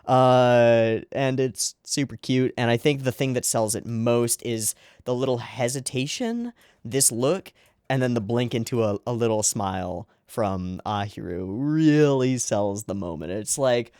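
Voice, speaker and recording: A man's voice: medium pitch, unhurried, a little mellow, smooth, dry recording, studio quality. A man hosting an anime reaction channel, rambling through casual episode commentary and swearing freely along the way.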